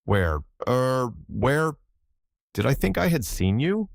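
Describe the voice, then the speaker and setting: A man putting on a jittery male secretary in a storybook reading, his deep voice climbing when caught out and tripping over hesitant ers. The sound is dry and close. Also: sing-song, moderate pace, no room sound. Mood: flustered. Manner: flustered, stammering with hesitant ers. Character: nervous, evasive male secretary. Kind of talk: audiobook character reading.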